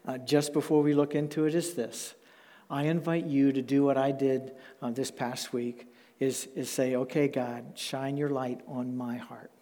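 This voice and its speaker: A male pastor preaching a sermon in a measured, emphatic way, slowing down to stress key words. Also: mid-range voice, darkish tone. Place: church sanctuary. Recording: long church hall reverb.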